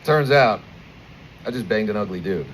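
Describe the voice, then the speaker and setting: A man in his twenties with an American accent, doing a crude stand-up set with animated, acted-out stories, performing outdoors at a bar. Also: on the low side, moderate pace, slight background noise, poor audio. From United States. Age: 20s. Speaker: stand-up comedian.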